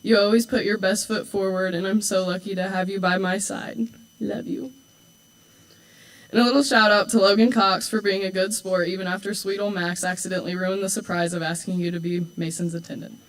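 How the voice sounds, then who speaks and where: A woman's voice: mid-range voice, fairly even intonation, a little fast, poor audio. Teenage girl giving a teasing school speech. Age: late teens. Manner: warm, teasing, with dry asides. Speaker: homecoming court candidate.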